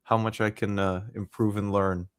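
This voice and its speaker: A man hosting a podcast in casual chat, reading out comic titles and prices with frequent filler pauses. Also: lowish voice, level tone, clear, resonant tone, no echo, clean studio sound. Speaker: podcast host.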